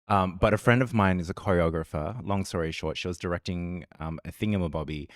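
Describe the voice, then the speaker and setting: A very deep-voiced man with an Australian accent chats casually as a podcast co-host. He rambles into side stories and laughs easily. The recording is dry and close, with no room sound. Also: a little fast, dry recording. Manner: rambling, chatty storyteller who laughs often. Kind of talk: casual music reaction chat.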